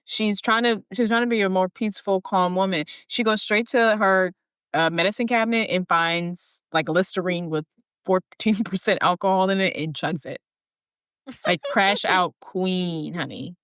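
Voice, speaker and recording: A woman's voice: medium pitch, steady tone, normal speed, fairly bright tone, clean tone, no echo, studio quality. A woman co-hosting a podcast, chatting casually about a movie with playful, jokey remarks. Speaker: podcast co-host. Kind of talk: casual movie recap chat.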